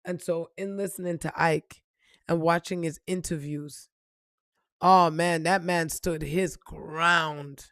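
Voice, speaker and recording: A woman's voice: lowish voice, fairly even intonation, takes it slowly, fairly bright tone, no room sound, clean studio sound. A woman giving a blunt, emphatic motivational monologue and swearing freely, calling the listener "baby". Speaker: spiritual reader.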